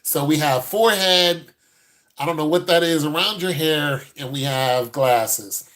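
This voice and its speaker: A man giving a casual, joking critique with animated, mock-preachy asides. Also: on the high side, a little slow. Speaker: dating and style commentator.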